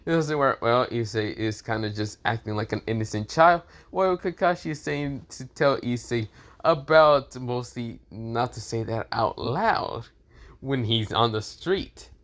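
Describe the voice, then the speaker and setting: A man's voice: mid-range voice, a little slow, a bit bright. A man casually narrating a fan story, rambling and leaning on the same fillers again and again. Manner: rambling, repeats fillers often.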